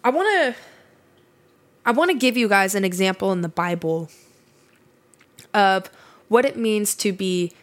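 A woman's voice: medium pitch, lively intonation, a little slow, long pauses. A woman hosting a faith podcast in a casual, earnest, emphatic way, often restarting her sentences. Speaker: podcast host.

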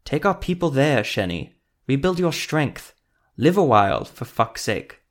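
A man's voice: medium pitch, sing-song, unhurried. A man voicing a weary, scarred male elf sorcerer who speaks tensely and insistently. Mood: pleading.

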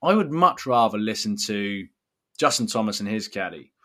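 A man's voice: on the low side, expressive, moderate pace, pushed and bright. A man co-hosting a casual podcast over a remote call, making dry, wry remarks. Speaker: podcast co-host. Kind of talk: casual chat. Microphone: remote call mic.

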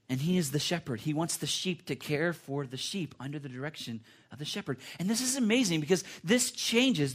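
A man's voice: on the high side, husky. A man preaching a sermon in an earnest, conversational way, with repetitions and restarts. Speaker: pastor.

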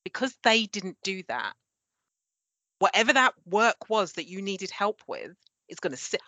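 A woman's voice: mid-range voice, very animated, a little slow, sharp tone, no echo. A woman as a podcast guest, speaking in an emphatic, reassuring way in a frank conversation.

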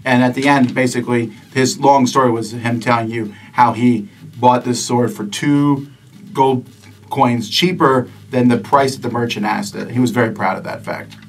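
A man's voice: medium pitch, steady tone, moderate pace, slight background noise. Man narrating as game master, distant mic. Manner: chatty, stumbling restarts while describing scenes.

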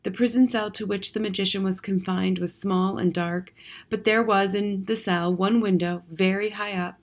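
A woman reading a storybook chapter aloud in a soft, measured narration. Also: medium pitch, fairly even intonation. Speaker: audiobook reader.

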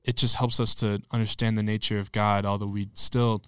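A man's voice: lowish voice, level tone, brisk, a bit bright, clear, resonant tone, no echo, clean studio sound. A man co-hosting a podcast, chiming in casually on faith topics and agreeing with the others. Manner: affirming, laughs often. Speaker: podcast co-host.

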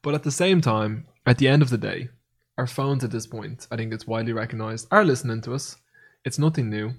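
A man co-hosting a podcast, chatting casually in a rambling, animated way and swearing freely. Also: mid-range voice, a little fast. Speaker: podcast co-host. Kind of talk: casual chat.

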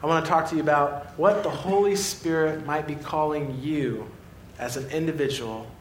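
A man preaching a sermon as a pastor, telling a story with animated swings between excitement and quiet earnestness. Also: normal speed. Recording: echoey room with faint rumble.

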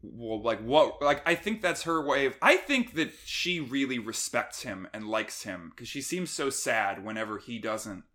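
A man talking in a casual chat about a film, his voice bright and forward. His pitch leaps around a great deal as he acts out the characters' lines. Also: animated, a little slow, few pauses. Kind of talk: casual movie-discussion chat.

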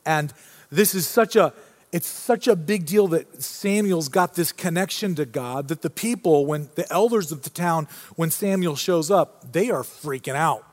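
A man's voice: a little high, measured pace. A male pastor preaching a casual, story-driven sermon in a church auditorium, often restarting his phrases. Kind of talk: conversational sermon. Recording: long reverb from a large hall.

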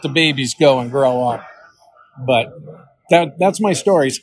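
An older range master, speaking unhurriedly in a mid-range voice, spins hunting tales for an interviewer and acts out the voices of those in them. The audio is poor.

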